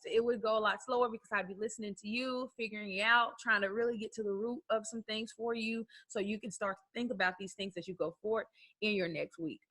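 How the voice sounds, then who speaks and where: A woman's voice: medium pitch, fairly bright tone. A woman life coach talking to the camera in a conversational way, asking rhetorical questions and acting out bits of self-talk.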